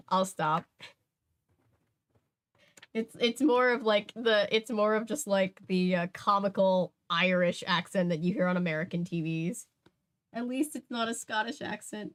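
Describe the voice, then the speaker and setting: A woman's voice: mid-range voice, measured pace. A woman reading a mystery novel aloud at home, chatty, stopping to correct herself and add asides. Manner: chatty, laughs, restarts, self-corrects. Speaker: book reader. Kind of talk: casual read-aloud with asides.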